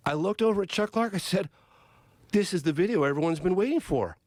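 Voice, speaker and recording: A middle-aged man from Northern California, a documentary filmmaker who is a podcast guest, excitedly retelling a story and acting out the quotes. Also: high voice, a little fast, dry recording. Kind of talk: animated storytelling in conversation. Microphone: studio podcast mic.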